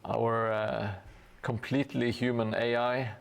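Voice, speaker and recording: A man's voice: mid-range voice, little pitch movement, measured pace, vocal fry. A tired man from Norway chatting casually with viewers on a live stream while painting, joking and hesitant with many fillers.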